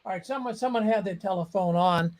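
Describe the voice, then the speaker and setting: A man's voice: high-pitched, quick pace. A man hosting a live call-in show, reassuring his callers in a stop-start way and repeating himself. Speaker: host.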